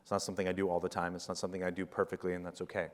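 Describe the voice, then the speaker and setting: Male keynote speaker, very low voice, jokey, rambling storyteller, conference talk. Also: completely flat delivery, racing, in a large hall.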